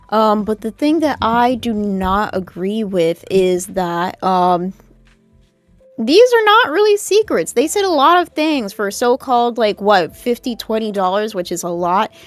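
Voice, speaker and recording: A woman co-hosting a casual commentary stream, giving measured opinions. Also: medium pitch, no room sound. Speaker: co-host.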